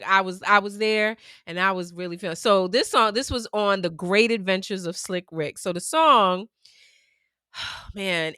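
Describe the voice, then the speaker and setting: A woman's voice: mid-range voice, clean tone, no echo, clean studio sound. A woman in her forties from New York, co-hosting a podcast in casual chat and telling stories with a lot of feeling. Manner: animated storytelling, laughs often, drawls when reminiscing. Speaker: podcast co-host.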